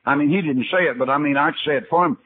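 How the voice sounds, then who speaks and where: A man's voice: fairly high pitch, quick pace, husky. An older man preaching a sermon, telling Bible stories in a folksy way and acting out the dialogue himself. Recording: tinny archival sermon recording.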